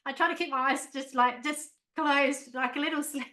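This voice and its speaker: A woman hosting an interview podcast, chatty and quick to laugh, with many casual fillers. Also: high-pitched, steady tone, sharp tone. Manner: chatty, lots of "like", laughs easily. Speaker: podcast host. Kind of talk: interview conversation.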